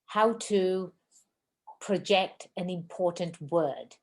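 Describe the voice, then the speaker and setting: Lady hosting a podcast, talks fast and gushes, lowish voice. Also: darkish tone. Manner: fast-talking, effusive. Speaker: podcast host. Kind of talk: casual interview chat.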